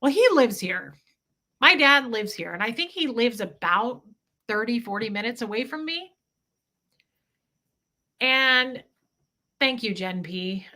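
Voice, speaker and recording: A woman's voice: a little high, expressive, slow pace, long pauses, bright, forceful tone. A woman hosting a livestream, talking candidly and emotionally about her past, swearing freely. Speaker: livestream host.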